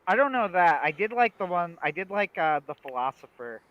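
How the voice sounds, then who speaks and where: Higher-voiced man, animated. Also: fairly quick, no echo, lo-fi sound. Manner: animated, retelling comedy sketches with voices. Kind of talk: casual chat.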